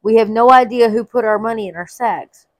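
A woman's voice: fairly high pitch, a little fast, dry recording, close to an everyday voice, poor audio. A woman voicing a group of frightened grown brothers who speak anxiously and explain themselves, as she reads a Bible story aloud.

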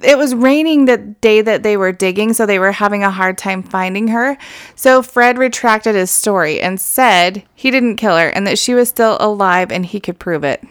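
Woman, true-crime storyteller, deadpan, swears, dry close sound. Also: mid-range voice, normal speed, no echo. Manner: deadpan retelling laced with swearing and laughs. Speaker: podcast co-host.

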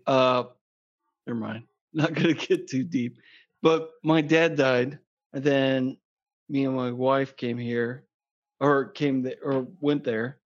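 A man chatting casually as a podcast guest, joking crudely and rambling. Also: medium pitch. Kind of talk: casual chat. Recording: dull lo-fi sound.

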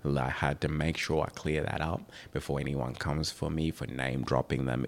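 A man's voice: very deep voice, little pitch movement, moderate pace, gravelly, few pauses. A young man hosting a podcast, chatting casually in a rambling, joking, offhand way. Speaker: podcast host. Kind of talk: casual chat.

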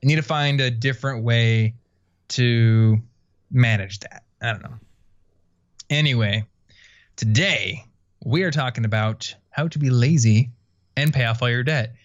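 A man's voice: medium pitch, measured pace, long pauses, dull audio. A man hosting a podcast, chatting casually and rambling with lots of fillers. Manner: laid-back, rambling with many fillers and laughs. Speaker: podcast host. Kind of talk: casual chat.

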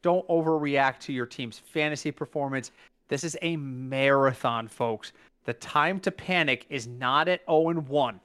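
A podcast co-host chats casually, emphatic and lively, restarting and stumbling over his words as he recalls things. He speaks at a measured pace with a medium-pitched, clean voice.

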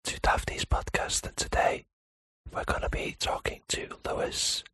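A man's voice: sharp tone, dry recording. A man doing a seductive Welsh ASMR whisper. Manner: slow, breathy, intimate whisper close to the mic. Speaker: podcast host. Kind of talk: whispered role-play. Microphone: professional microphone.

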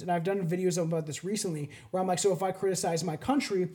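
A Canadian man hosting a podcast, talking in a rambling, animated way and swearing casually. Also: high voice, fast.

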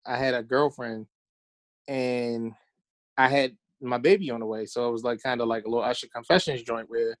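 A Baltimore man appears as a podcast guest, telling loose stories in casual chat and acting out what people said. His medium-pitched voice has little pitch movement and a normal speed, recorded with no echo.

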